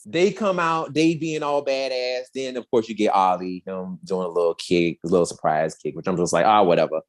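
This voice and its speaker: In a bass voice at normal speed, a female podcast co-host chats casually while reviewing a show. She animatedly recounts scenes and performs lines in exaggerated voices.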